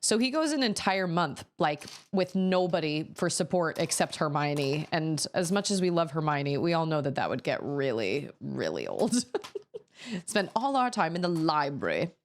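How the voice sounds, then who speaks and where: A woman's voice: low voice, very animated, moderate pace. A woman in her thirties chatting casually as a streamer, laughing often and breaking into sudden exclamations. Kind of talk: casual chat while building.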